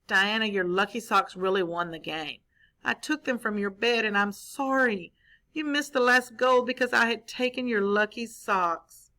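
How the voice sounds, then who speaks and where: A woman voicing a young boy in a children's story, quiet and apologetic. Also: mid-range voice, normal speed, close to an everyday voice.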